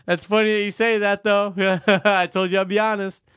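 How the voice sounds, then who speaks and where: A man's voice: high voice, little pitch movement, normal speed, fairly bright tone, clear, resonant tone, no room sound, studio quality. A young man in crude, casual podcast chat, candid and a bit defensive. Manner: candid, defensive, laughs at himself.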